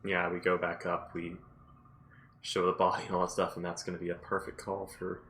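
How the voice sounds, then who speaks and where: A man's voice: low voice, monotone, fairly quick, a bit bright, slight background noise. A man playing a tabletop game, rambling, laughing often and swearing casually. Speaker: player.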